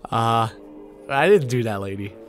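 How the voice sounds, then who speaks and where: A man's voice: mid-range voice, lively intonation, unhurried, soft background music. Jumpy swearing man playing a horror game. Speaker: streamer. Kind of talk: horror game let's play commentary.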